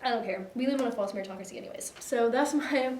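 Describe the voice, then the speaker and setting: A young woman chatting casually as a co-host, her speech full of "like" and quick laughs. Her voice sits fairly high. She is heard from some distance in a room with a noticeable echo. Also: darkish tone, a little hiss or hum. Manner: rambling, many "like" fillers, laughs easily. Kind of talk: casual chat. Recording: echoey room, mic at a distance.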